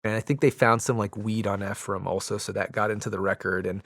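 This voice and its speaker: A man in his forties with a lowish voice tells a story as a podcast guest. He rambles casually and keeps restarting his sentences with ums and uhs. The recording is close and dry, with no room sound. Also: little pitch movement, a little fast, vocal fry, a bit bright, no echo. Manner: rambling, many fillers and restarts.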